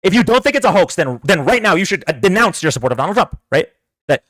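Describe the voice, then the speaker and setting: A man's voice: high voice, very animated, quick pace, fairly bright tone, no room sound. A man hosting a livestream political debate, ranting in a combative, sarcastic way and taunting his viewers to come on and argue. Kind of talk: heated livestream political rant.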